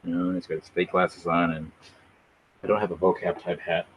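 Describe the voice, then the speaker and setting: Speaking at a moderate pace in a low voice, this man chats casually on a livestream, wandering animatedly from one subject to another. The lo-fi recording is dull, with slight background noise.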